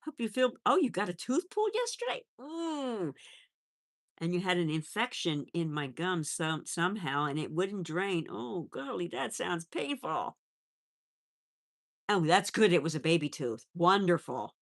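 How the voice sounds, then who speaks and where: A woman's voice: fairly low pitch, very animated, measured pace. A middle-aged woman chatting casually on a pet livestream, reading out viewer messages and cooing to her animals. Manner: chatty, warm baby-talk to pets, reads chat aloud. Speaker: livestream host. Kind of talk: casual live chat.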